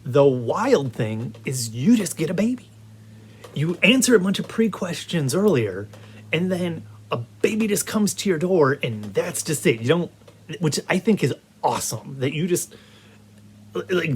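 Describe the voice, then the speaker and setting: Animated rambling man reviewing a game. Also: a little high, unhurried, husky. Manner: animated, rambling, many restarts. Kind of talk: casual video game review.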